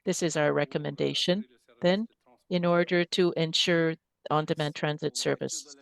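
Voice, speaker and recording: Male staff presenter, clear resonant voice, stop-start delivery, dry close sound. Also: a little high, steady tone, no room sound. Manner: halting, with many restarts and fillers. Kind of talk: council meeting report.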